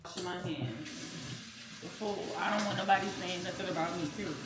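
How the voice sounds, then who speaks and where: Speaking a little fast in a low-ish voice, a woman in her twenties cooks at home and chats directly to her viewers, blunt and profane. The vlog is a casual kitchen storytime, recorded in an echoey room with loud background noise.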